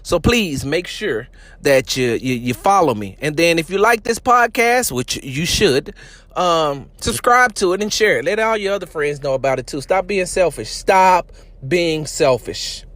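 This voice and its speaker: Joking high-voiced male sports podcast host. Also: expressive, moderate pace, fairly bright tone. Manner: joking, playful storyteller who acts out quotes. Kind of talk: casual sports talk podcast.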